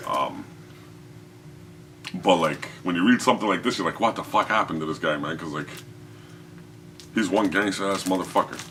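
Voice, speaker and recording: A very deep male voice with a bright, forceful edge, rambling and swearing his way through a casual podcast chat. He laughs a lot and trails off mid-thought. A faint hiss of noise sits under the recording. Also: moderate pace, long pauses. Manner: profane, rambling, laughs often. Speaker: podcast host.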